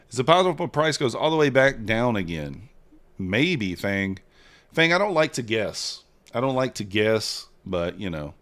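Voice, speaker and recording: A man hosting a casual trading livestream, chatting with viewers and reading their messages in a relaxed way. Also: on the low side, measured pace.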